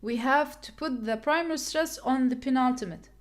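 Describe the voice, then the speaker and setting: A woman's voice: sits high, moderate pace. A woman teaching English word stress, repeating words and counting syllables aloud. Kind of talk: classroom lesson on word stress.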